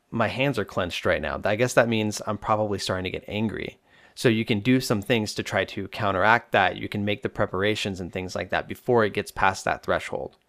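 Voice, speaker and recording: Guy therapist on a podcast talking u through anger stuff, lowish voice, super dry close mic. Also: no echo. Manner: relaxed explanatory, addresses listener directly. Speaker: psychologist podcast host. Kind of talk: self-help podcast advice.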